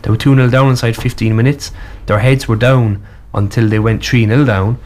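A man hosting a casual football chat, giving measured, opinionated takes. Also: mid-range voice, fairly even intonation, a little mellow, slight background noise.

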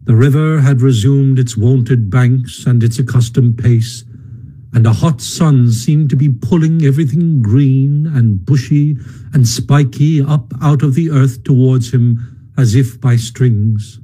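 Mellow, husky male storyteller. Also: mid-range voice, low-quality recording. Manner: measured storytelling, occasional stumbles. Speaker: narrator. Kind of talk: audiobook narration.

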